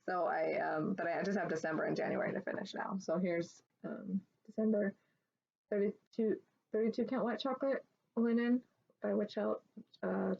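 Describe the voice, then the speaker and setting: At home, a woman vlogger chats casually about her stitching projects, rambling with fillers and restarts in a show-and-tell style. Her medium-pitched voice is creaky and a little mellow, with a breathy edge. The recording sounds dull and lo-fi, with faint background noise.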